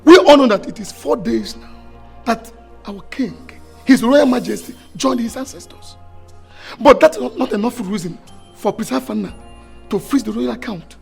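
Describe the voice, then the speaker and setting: Gravelly, outspoken elder. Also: mid-range voice, quick pace, pauses often, fairly bright tone, soft background music. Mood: emphatic. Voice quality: gravelly and husky. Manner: emphatic, protesting. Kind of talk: film acting.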